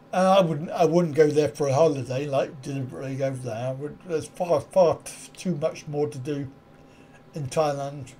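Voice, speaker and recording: A man's voice: on the high side, unhurried, pauses often, warm tone, a little hiss or hum. A middle-aged man hosting a live stream, chatting casually in reply to viewer comments and often chuckling at his own wry, self-mocking asides. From United Kingdom.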